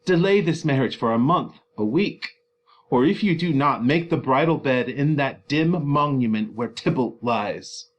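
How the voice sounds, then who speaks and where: Desperate teenage girl begging for mercy, a man reads her, lively pitch. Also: measured pace. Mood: pleading. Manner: pleading, anguished. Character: desperate grieving young woman, teenage daughter. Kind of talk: dramatic reading of a play.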